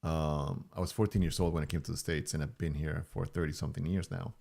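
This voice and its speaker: Deep, gravelly-voiced man streamer in his forties. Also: steady tone, fast talker, a little mellow. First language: Spanish. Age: 40s. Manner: playful, joking, chuckles often. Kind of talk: casual stream chat.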